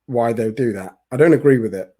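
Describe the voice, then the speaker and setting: Host, man, 40s: warm mellow tone, stumbling and restarting as he talks. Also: medium pitch. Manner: halting, with many restarts. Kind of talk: casual interview chat.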